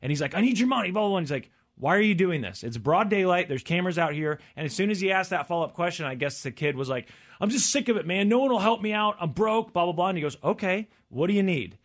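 Fast-talking man telling a story. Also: high-pitched. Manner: storytelling, quotes others in lively voices. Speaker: podcast co-host. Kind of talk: casual chat.

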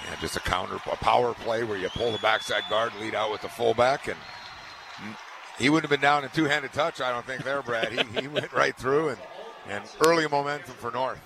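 A man's voice: mid-range voice, fairly quick, gravelly, a crowd in the background. A man giving color commentary on a radio football broadcast, conversational and often repeating words as he thinks aloud. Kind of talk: radio sports analysis.

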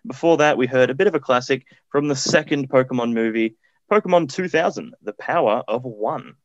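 A man's voice: medium pitch, no echo. A man presenting a radio show in an upbeat way, back-announcing songs and plugging the station. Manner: upbeat, presenter patter with plugs. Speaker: executive producer and radio presenter. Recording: dull, lo-fi, dry studio sound.

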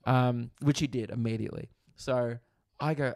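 Young Aussie guy, comedian host, gravelly voice, dry close sound, swears freely while telling a story. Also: medium pitch, fairly even intonation, normal speed, darkish tone, no echo. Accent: Australian. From Australia, Victoria. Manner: crude, profane storytelling with frequent asides. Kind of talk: comedic podcast monologue. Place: hotel room in quarantine.

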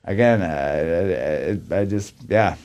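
A man with a low voice chats casually as a guest on a podcast. He rambles, restarts his sentences and fills gaps with "uh" and "like" as he talks. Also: slow pace, a little mellow. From US Pacific Northwest. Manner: rambling, many fillers and restarts. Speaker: guest, label owner and booker.

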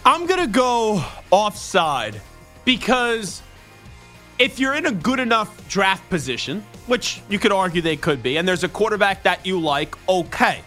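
Male sports radio host, jokey and opinionated, tense bright tone, slightly high voice, faint music underneath. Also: big pitch swings, measured pace. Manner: joking, opinionated banter. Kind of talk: casual sports talk.

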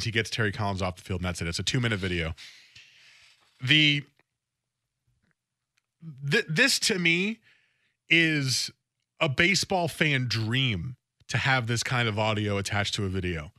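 A male sports radio host giving a casual, opinionated monologue from the studio. His voice is bright and forceful, and the sound is dry and close. He often repeats words mid-thought. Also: medium pitch, dry recording.

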